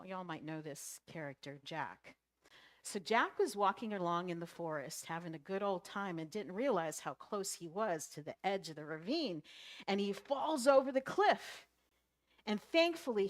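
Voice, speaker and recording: A woman's voice: medium pitch, no echo, clean studio sound. A woman minister giving a conversational sermon, laughing often and acting out the characters of a story.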